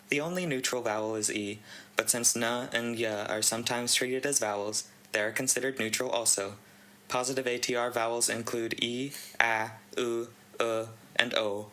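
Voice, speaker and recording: A man with a bright, forward voice reads a long technical write-up aloud. His delivery is steady and even, with the odd dry aside. He sounds like a host working through a text. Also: medium pitch, poor audio. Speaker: channel host reading a contest entry. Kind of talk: reading a conlang write-up aloud.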